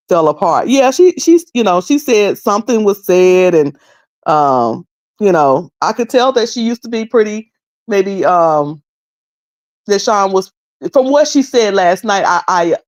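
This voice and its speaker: A middle-aged woman with a North Carolina Southern accent chats casually with her livestream viewers. Her voice swings lively up and down as she repeats phrases and mimics people. The recording is dry and close, with no room echo. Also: mid-range voice. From High Point, North Carolina. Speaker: livestream host.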